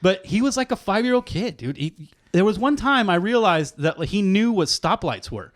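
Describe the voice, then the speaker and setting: A man in his thirties, a fishing guide and podcast guest, telling animated, profane stories in casual chat. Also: sits high, normal speed.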